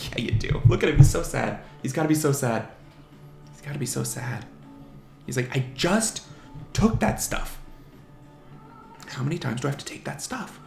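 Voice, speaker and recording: A man with a gravelly, fry-edged voice casually narrates his own online game match. He mutters strategy, second-guesses his moves and jokes at the enemy monsters. The sound is roomy, with faint music playing behind him. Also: mid-range voice. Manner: chatty, mutters strategy aloud, teases opponents' monsters. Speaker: gaming channel host. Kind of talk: casual live game commentary.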